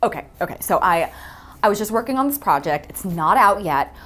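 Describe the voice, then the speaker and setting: A young woman, a voice actor, chatting casually in an interview, gushing and excitable, her voice leaping high when she gets worked up. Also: a little fast, heavy background noise. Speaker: voice actor guest. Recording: faint music underneath.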